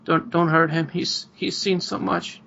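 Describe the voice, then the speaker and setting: Man doing a frightened peasant mother, higher voice, tearful, pleading, muffled lo-fi call audio. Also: fairly even intonation, a little slow, vocal fry, bright, forceful tone, slight background noise, heavily acted. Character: frightened grieving peasant mother, young adult woman.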